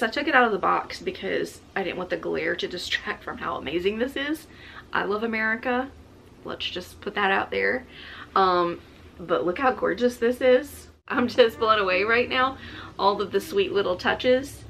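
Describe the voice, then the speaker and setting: Woman vlogger, effusive unboxing chat, bright gravelly voice, faint hiss behind. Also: medium pitch, low-quality recording. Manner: gushing, effusive, exclaims often. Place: home, indoors.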